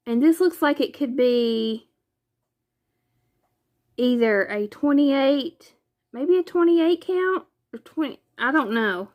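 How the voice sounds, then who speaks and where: A woman's voice: fairly high pitch, expressive, slow pace. A woman, chatting casually in a craft vlog, gushing and exclaiming often. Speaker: craft vlogger. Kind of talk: casual chat.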